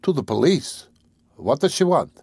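A male audiobook narrator voicing a poor young ex-student who speaks slowly, sullenly and reluctantly. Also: a little high, very animated, vocal fry, mellow, breathy edge, no echo, studio quality, pitched above the performer's own voice, heavily acted.

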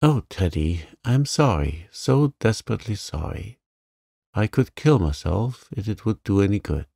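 A man reading the part of an earnest, remorseful young woman in an audiobook, in a gentle, pleading way. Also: lowish voice, takes it slowly, creaky, no room sound, clean studio sound.

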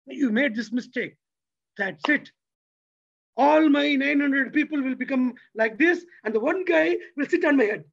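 A man giving a motivational religious talk, lively and preacherly, who keeps asking his audience rhetorical questions. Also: extremely high pitch, vocal fry, muffled recording. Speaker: lecturer.

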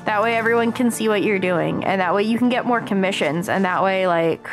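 An American woman streaming a game, chatting excitedly with her viewers as she plays. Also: medium pitch, brisk, hardly any pauses, faint music behind. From United States. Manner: chatty, excitable, talks to chat while playing. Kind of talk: casual live-stream chat while gaming.

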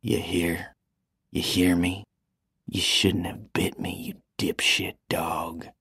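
A man voicing a cruel young male salesman who talks in a low, pleasant, coaxing voice that turns to menacing whispers. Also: steady tone, slow pace, gravelly, darkish tone, dry recording, clean studio sound, full character voice. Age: young adult.

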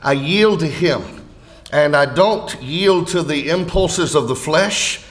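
A male preacher with a Southern American accent delivers a sermon with a fairly high voice. He is dramatic, acting out the voices he quotes, swinging from loud and high to low and hushed. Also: slow pace. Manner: dramatic, acts out quoted voices with big swings in pitch and loudness. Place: lectureship hall.

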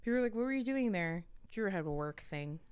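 A woman's voice: medium pitch, lively intonation, a little fast, darkish tone, clear, resonant tone, dry recording. A young woman hosting a casual podcast chat in an upbeat, chatty way. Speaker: podcast co-host.

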